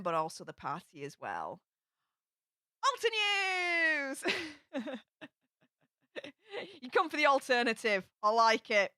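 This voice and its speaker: A young Yorkshire woman talks casually on a live stream and reads out viewer comments, with lots of ums between thoughts. Her voice is bright and crisp. The recording is dry and close, with no room sound. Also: fairly low pitch, dry recording. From England.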